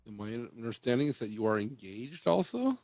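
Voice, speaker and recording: A man hosting a casual interview, friendly and quick to laugh. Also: medium pitch, big pitch swings, creaky, a little mellow, no echo. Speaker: host.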